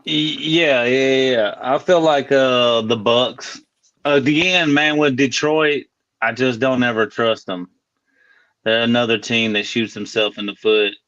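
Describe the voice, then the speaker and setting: A man's voice: mid-range voice, fairly even intonation, unhurried, a bit bright, dull audio. A man joining a casual football chat, talking hesitantly.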